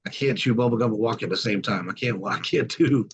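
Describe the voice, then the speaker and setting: With a little hiss or hum on the line, a middle-aged man hosts a podcast on a group video call, his mid-range voice fairly quick. Upbeat and folksy, he repeats welcomes to newcomers, captured by a computer mic in dull lo-fi call audio.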